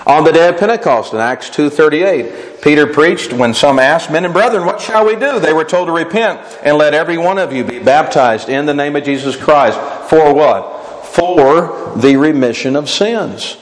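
A man's voice: fairly high pitch, animated, moderate pace, hardly any pauses. A man preaching a sermon, asking rhetorical questions and answering them, voicing imagined objectors as he goes. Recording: long hall reverb.

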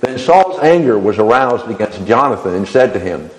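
A man's voice: lowish voice, big pitch swings, normal speed, few pauses, in a large hall, poor audio. A man preaching a sermon, often stumbling and repeating words as he goes.

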